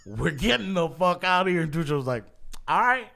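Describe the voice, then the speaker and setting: A man spins a rowdy story on a podcast, his voice sitting a little higher than most men's. He swears constantly, breaks into laughter, and slips into quick impressions of the people he describes. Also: vocal fry. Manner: profane, laughing storyteller, animated quoting. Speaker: podcast host. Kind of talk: casual storytelling.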